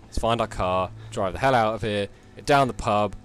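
A man's voice: fairly low pitch, normal speed, fairly bright tone, clean tone, soft background music. A man giving jumpy, cursing commentary on a horror game, yelping at scares. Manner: jumpy, swears and yelps at scares. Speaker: let's play gamer.

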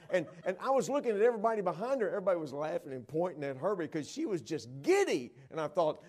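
A middle-aged man preaching a sermon in a church, telling stories and swinging from hushed to loud, excited delivery. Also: high-pitched, quick pace, few pauses, husky. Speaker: traveling evangelist preacher. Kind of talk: sermon with storytelling. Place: church sanctuary at a conference. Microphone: wearing a microphone.

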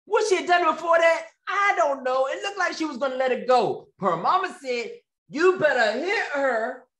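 A man's voice: very high-pitched, expressive, a little fast, sharp tone. A man hosting his own commentary show, ranting with sarcasm and repeating phrases for emphasis. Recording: echoey room.

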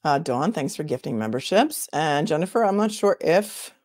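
Woman, attorney host, casual commentary, answers chat, low pitch, dry sound. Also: expressive, normal speed, a little mellow, no room sound. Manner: chatty, thinks aloud, answers chat directly. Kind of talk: casual livestream commentary reading viewer comments.

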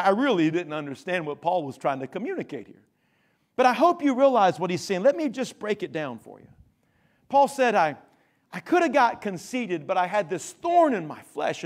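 A man preaching with a high, lively voice that swoops up and down as he stresses key words. He slows right down to lean on a phrase, then turns to chatty asides with the congregation. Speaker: pastor. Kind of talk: sermon.

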